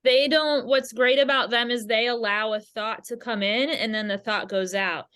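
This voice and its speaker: Woman, podcast guest, calm and explanatory, spiritual bent, video-call sound. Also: a little high, normal speed, clean tone. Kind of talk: casual chat.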